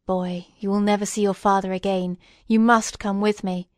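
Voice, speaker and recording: A woman's voice: medium pitch, level tone, dry recording, studio quality, lightly acted. A woman reading as a grave, vengeful creature. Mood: stern. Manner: slow and grave. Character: lonely vengeful male creature, bitter.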